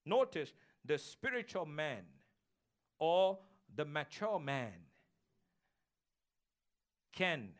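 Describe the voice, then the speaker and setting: High-voiced man preaching emphatically. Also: sing-song, extremely slow, pauses often. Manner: emphatic, repetitive preaching that calls for congregation responses. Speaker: pastor. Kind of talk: sermon. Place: church sanctuary.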